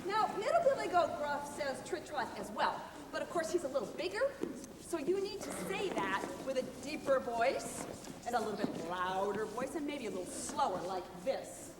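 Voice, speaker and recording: A woman's voice: high-pitched, sing-song, normal speed, crowd noise. A woman leading a live stage story, playfully coaxing the audience to join in. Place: large theater hall. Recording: echoey hall, distant mic, audience noise.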